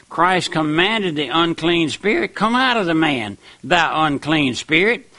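A man's voice: on the high side, creaky, sharp tone, no room sound. A man preaching a sermon in an emphatic old-time style, repeating phrases for weight.

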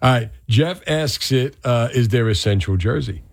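A man's voice: medium pitch, animated, moderate pace, gravelly, no room sound. A male radio host with a mid-range voice, trading wisecracks with his guests and reading text out in a mock-serious tone. He sits at a studio microphone, and the sound is dry and close with no room around it. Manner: jokey, reads answers aloud with mock gravity. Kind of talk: casual comedic radio banter.

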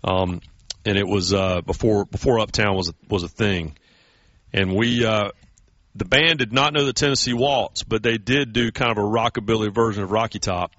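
A man's voice: fairly low pitch, moderate pace, dry recording. Chatty storytelling man, dull dry sound. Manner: storytelling, animated quoted voices. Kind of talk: casual chat.

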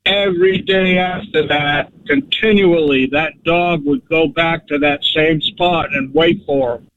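A man's voice: fairly high pitch, steady tone, unhurried. A man calling in to a radio show, telling a story in a chatty, heartfelt way. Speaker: caller. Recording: dull phone line with faint noise.

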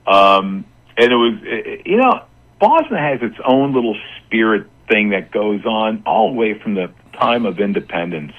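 A man who does voice work, chatting on a radio show in a rambling, animated way. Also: on the low side, normal speed, highs cut off. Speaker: voice actor guest. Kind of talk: casual radio chat.

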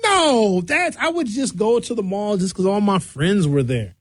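A man's voice: sits high, animated, measured pace, no echo. A middle-aged man hosting a radio show, telling loose, bawdy comic stories. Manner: loose, bawdy, storytelling with acted-out voices. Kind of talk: comedic monologue.

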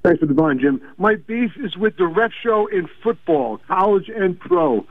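An older man with a Brooklyn accent calls in to a radio show, complaining in an exasperated, stammering way. His voice sits high for a man. The sound comes through a tinny, dry phone line. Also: animated, unhurried, dry recording. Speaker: caller.

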